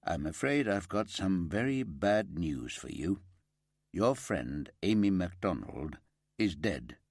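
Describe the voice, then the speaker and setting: A man doing a low, grave detective sergeant. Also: sing-song, gravelly, no echo, clean studio sound, exaggerated voice. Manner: measured, gentle, grave. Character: male detective sergeant, calm and steady.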